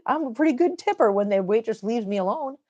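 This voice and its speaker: A woman's voice: a little high, animated, fairly quick, warm tone, muffled recording. A middle-aged woman with an Upper Midwest American accent, chatting casually on a live stream, laughing often and reading viewer comments aloud.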